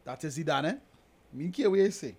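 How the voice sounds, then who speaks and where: A man chatting casually with friends and telling stories in a relaxed, drawn-out way. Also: fairly high pitch. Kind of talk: casual banter among friends. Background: music.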